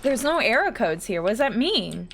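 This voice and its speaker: A woman's voice: on the high side, big pitch swings, normal speed, gravelly, a little hiss or hum. A woman streamer giving casual, playful commentary while playing a horror game, reading lines aloud and talking to her chat.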